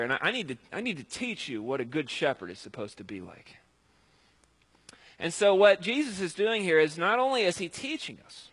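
A man's voice: fairly high pitch, a bit bright, husky. A man preaching a sermon in a conversational, emphatic way, with fillers and restarts.

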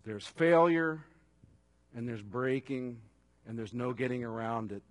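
A man preaching a sermon at an evening service, earnest, building to strong emphasis and then dropping to a hushed, intimate tone. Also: medium pitch, unhurried, no room sound. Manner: earnest, swings between raised emphasis and quiet intimacy.

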